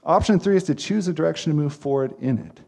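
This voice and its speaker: A man's voice: fairly high pitch, fast talker, gravelly, dark tone, slightly rough. A man preaching a sermon as pastor, earnest and emphatic, with repeated phrases.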